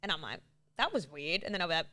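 A woman's voice: sits low, sing-song, fast talker, a crowd in the background. A young woman co-hosting a podcast, chatting candidly, swearing freely and acting out what people said. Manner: candid, swears freely, acts out quoted exchanges. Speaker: podcast co-host. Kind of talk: casual chat.

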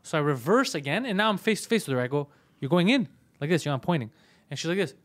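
A man's voice: fairly high pitch, expressive, rapid-fire. A man hosting a comedy podcast in casual banter, swearing constantly and ranting with rising heat.

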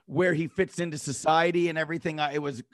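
A man's voice: on the high side, steady tone, quick pace, no room sound, studio quality. A man co-hosting a podcast, chatting casually and enthusiastically in a rambling way, often laughing. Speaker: podcast co-host. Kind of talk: casual sports chat.

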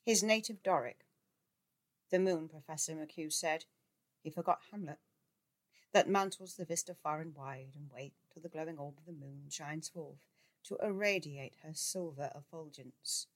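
A woman reading a literary novel aloud, expressive and shifting into voices for the characters. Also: deep voice, moderate pace. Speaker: audiobook reader.

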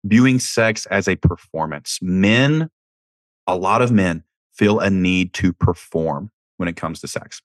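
A man's voice: low-pitched, unhurried, no room sound, clean studio sound. A young adult man hosting a podcast, giving candid conversational advice and often restarting his words. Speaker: podcast host. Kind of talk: casual advice talk.

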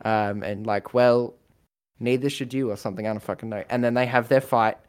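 Man, casual brainstorming, rambling, acts out bits, clear resonant voice. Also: medium pitch, fairly even intonation, a little fast. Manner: rambling, lots of fillers and acted quotes, swears.

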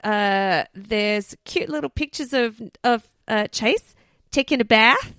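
A woman co-hosting a comedy podcast, telling a story in an animated way with swearing and laughs. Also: fairly high pitch, takes it slowly, smooth, dry recording, clean studio sound. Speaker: podcast co-host. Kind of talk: casual comedy podcast chat.

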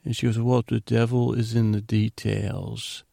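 A man's voice: fairly low pitch, flat delivery, measured pace, gravelly, dark tone, dry recording, clean studio sound. A man hosting a sleep podcast, loosely retelling a TV episode in a meandering way, quoting the characters' lines. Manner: meandering, retells scenes with loose quoted dialogue. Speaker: podcast host. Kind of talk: rambling sleepy recap.

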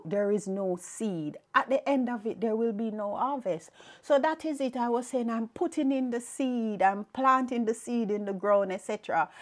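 A woman hosting a podcast, telling a personal faith story in an earnest, reflective way. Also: a little high. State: tearful, emotional. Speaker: podcast host.

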